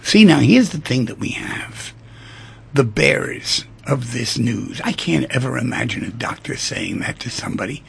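Gravelly, husky male talk show host. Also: mid-range voice, moderate pace. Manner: emphatic, animated storyteller.

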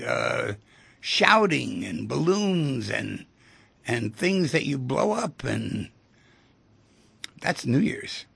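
A man's voice: medium pitch, sing-song, drawn-out words, pauses often, dry recording. A man hosting a radio talk show, speaking reflectively and turning emphatic at times. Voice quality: gravelly, husky voice. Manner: reflective, swings from hushed to emphatic.

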